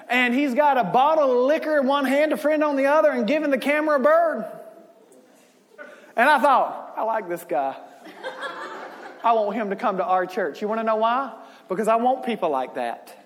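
A male pastor preaching a sermon, joking and conversational, building to shouted emphasis. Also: very high voice, in a large hall.

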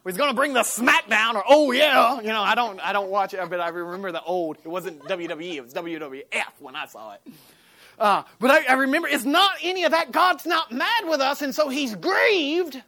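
An American woman preaching a sermon, telling a personal story with lively swings from loud to hushed and acting out the voices she quotes. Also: fairly high pitch, moderate pace. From United States.

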